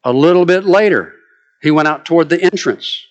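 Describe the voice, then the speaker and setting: A man's voice: on the high side, moderate pace. A man preaching a sermon, retelling a story with drama and vivid asides.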